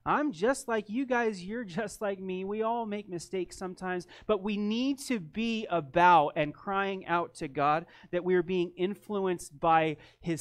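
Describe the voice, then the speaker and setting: A man's voice: fairly high pitch, smooth. Man as pastor, earnest conversational sermon, personal storytelling, repeats his words.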